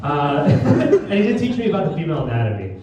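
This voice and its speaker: Young guy doing standup, crude and self-mocking, bouncy pitch, echoey theatre, crowd laughing. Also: huge pitch swings, fast. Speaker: stand-up comedian. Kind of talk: stand-up comedy set. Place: small theatre stage with live audience. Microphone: phone camera in the audience. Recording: echoey theatre filmed from far off. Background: audience laughter.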